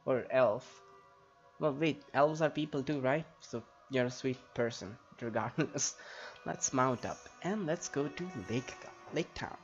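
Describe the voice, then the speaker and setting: A man's voice: mid-range voice, measured pace. A young man chatting and joking as he narrates his gameplay, thinking aloud. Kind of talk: casual gameplay commentary. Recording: slightly dull audio, faint game music.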